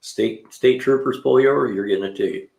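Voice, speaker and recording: A man's voice: medium pitch, a little fast, gravelly, darkish tone. A man hosting a live stream in his garage, chatting casually and telling rambling stories to his viewers. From California. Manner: rambling, talkative storyteller with slang. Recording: roomy echo.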